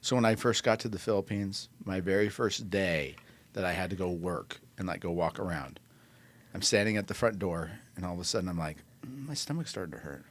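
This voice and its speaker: A man's voice: low-pitched, brisk. A man co-hosting a podcast in casual chat, telling stories animatedly and laughing mid-sentence. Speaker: podcast co-host.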